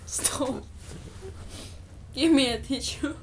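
A woman's voice: sits high, slow pace, a little hiss or hum. A woman vlogger in casual chat, breathless and laughing uncontrollably as she begs someone to stop. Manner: laughing uncontrollably, giggly pleading.

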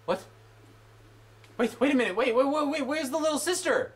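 A man's voice: very high voice, animated, moderate pace. A young man giving let's play commentary, swearing in exasperated outbursts. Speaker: gamer.

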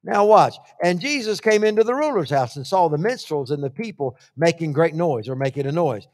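A man preaching a sermon, swinging from hushed asides to shouted lists and acting out the voices he quotes. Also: a little high, expressive, brisk. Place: church hall. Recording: long church-hall reverb.

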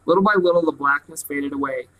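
A man reading a novel aloud in a plain, steady way. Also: fairly high pitch, fast talker, rough recording. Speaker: reader.

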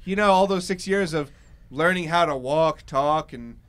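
A man hosting a casual podcast chat, an excitable storyteller who laughs often. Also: a little high, moderate pace, clear, resonant tone. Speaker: host.

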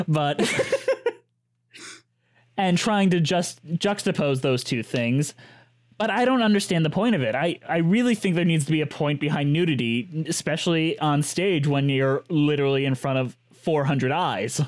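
A man co-hosting a podcast, chatty and swearing freely, laughing as he talks. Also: fairly high pitch. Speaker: podcast co-host. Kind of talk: casual chat.

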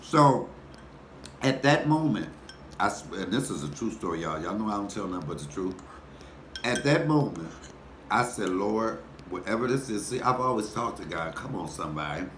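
Man in his fifties, low voice, folksy storyteller who talks straight to viewers; recorded in an echoey room with faint noise. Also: big pitch swings, normal speed, a bit bright. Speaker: comedian telling a story. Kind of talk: casual storytelling mukbang.

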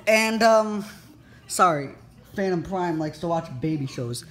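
A man's voice: high-pitched, animated, unhurried, a bit bright. A teenage boy vlogging, retelling an incident in a rambling way full of fillers. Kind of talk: casual storytelling to camera.

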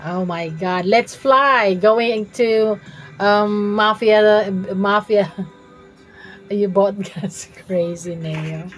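Speaking extremely slowly in a mid-range voice, a woman livestreams a game from her room, talking with viewers and laughing often. Soft music plays in the background of the rough recording.

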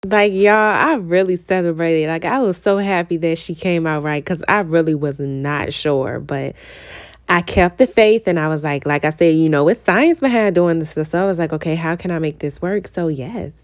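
In her baking tutorial, a woman provides relaxed, talkative narration at a moderate pace, her voice on the lower side. She talks right to her audience and becomes enthusiastic.

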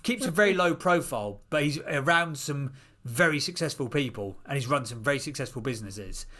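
Man, 30s, podcast guest; rapid storyteller who acts out voices. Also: mid-range voice. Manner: animated, acts out other people's voices.

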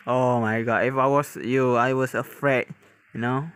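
A man hosting a reaction video, talking casually in halting English, often laughing and exclaiming. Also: medium pitch, steady tone, background noise.

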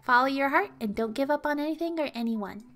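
Woman putting on a gentle, encouraging dog spirit. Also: sits high, animated, quick pace, faint music behind, pitched above the performer's own voice.

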